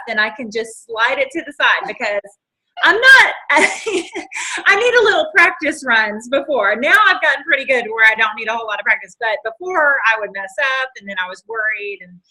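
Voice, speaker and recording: A woman's voice: on the high side, pushed and bright. A woman with a Southern US accent, co-hosting a casual chat, talking in a chatty way full of fillers and restarts. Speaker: co-host.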